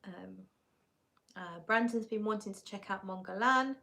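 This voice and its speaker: A woman's voice: mid-range voice, measured pace, gravelly, bright, forceful tone. A woman hosting a live stream, chatting casually as she reads out viewer comments, giggly and often correcting herself. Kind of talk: casual chat.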